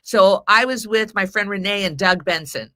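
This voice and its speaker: As a podcast guest in casual storytelling mode, a forty-something woman of Mexican heritage meanders through a long personal anecdote, voicing other people's lines. She speaks at medium pitch and normal speed with a sharp tone, captured dry and clean in a studio.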